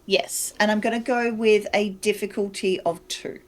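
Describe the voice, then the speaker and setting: A woman narrating a tabletop horror game as storyteller, unhurried and often pausing with fillers as she searches for words. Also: mid-range voice, steady tone.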